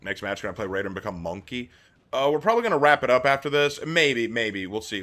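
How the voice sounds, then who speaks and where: Animated young man streaming a game. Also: medium pitch, fast. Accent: mild Southern US, mostly suppressed. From American South. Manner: animated, chatty, teasing, laughs often. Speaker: gaming streamer. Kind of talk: casual live-stream commentary.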